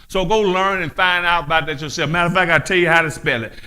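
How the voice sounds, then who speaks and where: High bright-voiced preacher man, fiery sermon, keeps asking the crowd questions. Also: fast. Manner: fiery, rises to shouting, rhetorical questions. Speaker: pastor.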